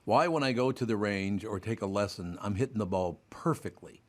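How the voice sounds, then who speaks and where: Older Minnesotan male host, low voice, gruff casual banter. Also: a little fast. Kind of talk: casual chat.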